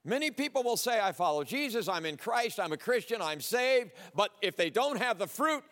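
A male preacher with a high voice delivers an emphatic sermon. He swings from loud declarations down to low, earnest asides. The sound carries a long reverb, as in a big church hall. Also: sing-song, a little fast, few pauses.

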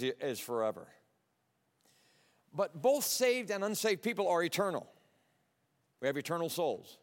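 High-voiced man preaching in a reverberant hall. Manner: emphatic, swings between loud declarations and low earnest asides. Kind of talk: sermon.

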